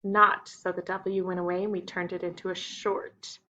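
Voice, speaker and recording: A woman's voice: on the low side, level tone, moderate pace, bright, forceful tone, dull audio. A woman teaching young children a phonics lesson, patient and stretching out the key words.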